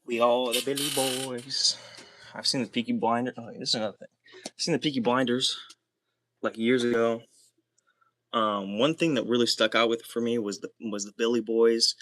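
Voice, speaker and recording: A young man livestreaming alone, talking in a rambling, excitable way, full of fillers and swearing. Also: medium pitch, brisk, slight background noise. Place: small soundproofed room.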